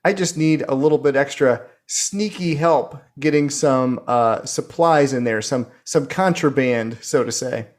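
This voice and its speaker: A man playing in a tabletop role-playing game, halting and repeating himself as he declares his moves. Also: mid-range voice. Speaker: player. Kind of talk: tabletop game play, casual chat.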